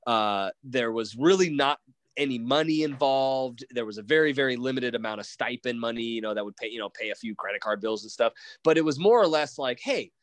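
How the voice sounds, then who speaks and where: A man's voice: medium pitch, fairly quick, no room sound. Guy telling a story on an interview, mid voice, dry sound, keeps restarting and acting out what people said. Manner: animated, quotes dialogue, frequent restarts. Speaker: interview guest. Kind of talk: casual storytelling.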